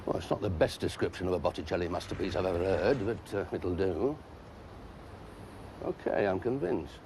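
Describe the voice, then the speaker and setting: An actor playing a smug, menacing man who patronizes with mocking calm in a TV drama. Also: deep voice, moderate pace, a little hiss or hum. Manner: patronizing, calls others "lad", mocking calm. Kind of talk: TV drama acting.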